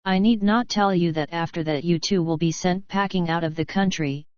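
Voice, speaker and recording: A curt young army captain speaks with cold deliberation, read by a woman in her own lowish, smooth voice. The delivery is dry and clipped. The recording sounds dull and close, with no room around it. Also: normal speed, a little mellow, no echo, close to an everyday voice. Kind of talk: audiobook narration.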